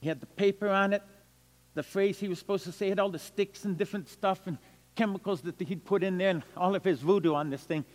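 Brisk in delivery, this older missionary evangelist with a high voice tells stories in his sermon, moving from loud bursts down to hushed murmurs. A long reverb trails his voice, as though he's in a large hall.

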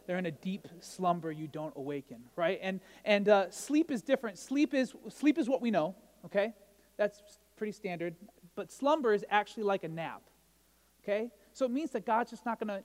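A man's voice: high-pitched, normal speed, a little mellow, long reverb tail. A male pastor giving a casual, conversational sermon, often asking the listeners "right?" and telling humorous stories. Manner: conversational, asks the crowd "right?", tells jokey stories.

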